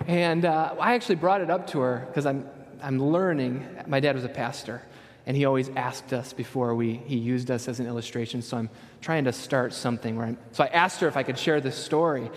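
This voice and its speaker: A man's voice: mid-range voice, brisk. A man in his thirties giving a conversational sermon, telling stories and often checking in with the audience. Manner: storytelling, often asks the audience "right?". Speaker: preacher. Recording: long hall reverb.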